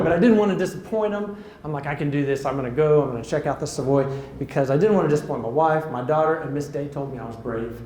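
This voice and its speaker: A middle-aged man giving a keynote speech at a luncheon, telling an animated story and acting out the dialogue. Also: a little high, echoey room, a little hiss or hum. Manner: animated, acts out dialogue in quotes. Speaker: keynote speaker. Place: large hall at a luncheon.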